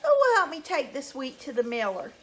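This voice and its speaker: A woman's voice: high voice, huge pitch swings, a little fast, fairly bright tone, heavily acted. A woman voicing a hard-working little red hen in a read-aloud folk tale, asking earnestly.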